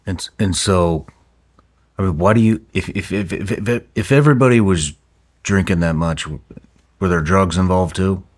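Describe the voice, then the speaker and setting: Very deep-voiced man reacting as host. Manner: short reactive interjections and halting questions. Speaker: podcast host. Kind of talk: casual interview.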